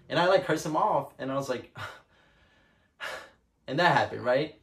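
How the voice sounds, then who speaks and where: A man's voice: mid-range voice, lively intonation, normal speed, long pauses, fairly bright tone. A young man casually telling a personal story to the camera, chatty and full of filler words. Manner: chatty, lots of "like" fillers, laughs often.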